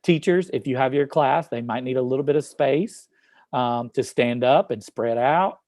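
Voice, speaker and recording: A man's voice: mid-range voice, normal speed, darkish tone, no echo, clean studio sound. A man, an upbeat teacher reading poetry to students and encouraging them, with many fillers. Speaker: educator presenting to students. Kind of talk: reading a poem aloud to a class online. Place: office.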